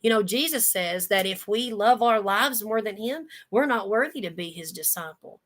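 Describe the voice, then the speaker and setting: A woman's voice: medium pitch, lively intonation, normal speed, fairly bright tone. Earnest woman teaching the Bible casually. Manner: conversational and earnest, with folksy asides. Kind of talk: casual Bible study talk.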